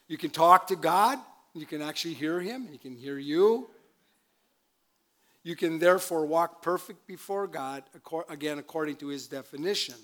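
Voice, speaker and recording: A man's voice: on the high side, fairly bright tone. An older man, a pastor, preaching a sermon in a church, chatty with laughing asides and calls for amen. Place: church sanctuary.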